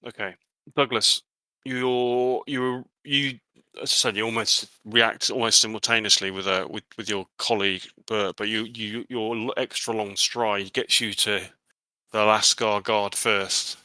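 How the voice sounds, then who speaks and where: Bright-voiced man running a tabletop game. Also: on the low side, steady tone, no echo, poor audio. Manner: halting, many fillers and restarts. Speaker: game master.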